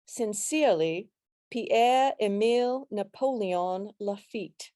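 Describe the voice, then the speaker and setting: A woman reading a humorous poem in a put-on Louisiana accent, voicing a country man writing a complaint letter with a slow, drawn-out delivery. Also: mid-range voice, dark tone, dry recording, studio quality, close to an everyday voice. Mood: wry.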